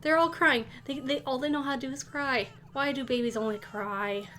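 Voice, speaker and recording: A woman's voice: high voice, fairly even intonation, moderate pace, sharp tone. A woman streaming a game, casually chatting, exasperated and swearing as she scolds the characters. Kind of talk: casual live gameplay chat.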